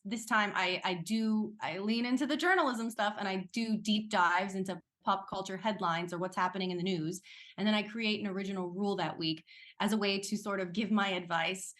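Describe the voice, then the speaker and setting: Chatty actress guest, woman, animated delivery, mid-range voice, easy laughs. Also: mid-range voice. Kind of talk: casual interview talk.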